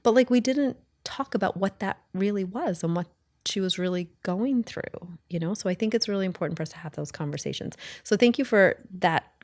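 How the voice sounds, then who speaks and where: A woman's voice: medium pitch, brisk, a little mellow, dry recording, studio quality. Blunt, chatty middle-aged woman podcaster. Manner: blunt, chatty, rambling with self-corrections. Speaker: podcast host. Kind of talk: casual solo podcast talk.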